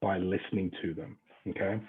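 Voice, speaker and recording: A man's voice: deep voice, fairly even intonation, fairly quick, breathy edge, phone-quality sound. A man with an English accent leading a real estate training class in a chatty, informal way, swearing now and then. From England.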